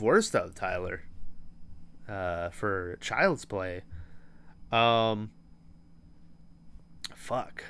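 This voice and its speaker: A man's voice: lowish voice, pushed and bright, clear, resonant tone. A man hosting a podcast, recapping a movie in loose, profane storytelling full of "um" and "like". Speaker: podcast host.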